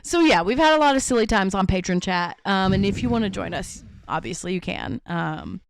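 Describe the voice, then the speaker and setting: A woman's voice: medium pitch, sing-song, brisk, gravelly, clear, resonant tone, no room sound. Giggly woman reading a story aloud. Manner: giggly storyteller, breaks into laughter. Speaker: podcast co-host.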